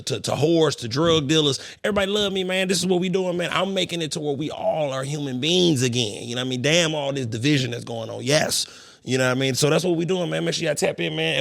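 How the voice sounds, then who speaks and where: A young man from St. Louis hosting a podcast in casual chat, boastful and animated, full of profane trash talk. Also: a little high, vocal fry, no echo. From St. Louis, Missouri. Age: young adult. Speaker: podcast host.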